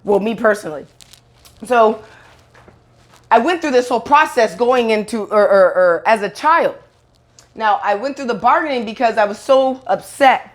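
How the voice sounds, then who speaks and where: A woman's voice: fairly high pitch, lively intonation, moderate pace, long pauses. A woman in a casual monologue to camera, blunt and profane, rambling with restarts and acting out quoted voices. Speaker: online video host.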